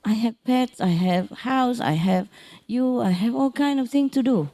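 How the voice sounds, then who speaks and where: A woman giving an informal spiritual talk to an audience, speaking gently and unhurriedly in simple, non-native phrasing, often chuckling and repeating phrases to reassure her listeners. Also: a little high, a little slow. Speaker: spiritual teacher.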